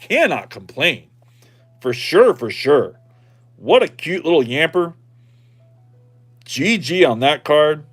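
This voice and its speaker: Chatty middle-aged man with a lively voice. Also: a little high, takes it slowly, long pauses, slightly rough, faint music behind. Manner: chatty, repeats himself, cheers on each card. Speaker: streamer opening card packs. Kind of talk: casual livestream chat.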